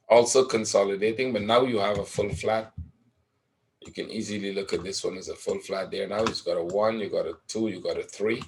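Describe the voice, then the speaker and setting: A man's voice: on the low side, a little hiss or hum. A man teaching forex trading in a live webinar, talking casually through chart patterns and often checking in with "right?".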